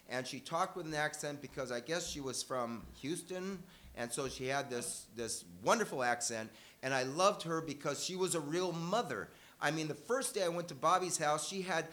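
An older man recounts a childhood story to a live audience. His voice is bright and a little high, and he keeps a loose, conversational flow, with dry humor and frequent self-corrections.

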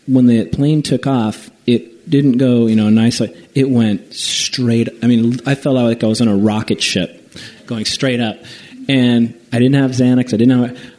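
A man's voice: mid-range voice, warm tone. A man casually telling a rambling personal travel story, acting out the people in it. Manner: casual, rambling with restarts and acted-out quotes.

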